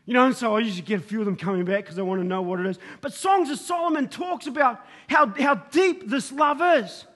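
Rambling through stories in his sermon, a middle-aged Australian pastor builds up to emphatic points that he shouts. His pitch is extremely high and his pace fairly quick, heard in a big-room acoustic.

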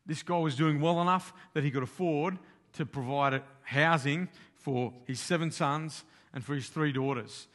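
A man's voice: fairly high pitch, normal speed, a bit bright. A man giving a sermon, retelling a story in plain, conversational language with everyday slang. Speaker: preacher.

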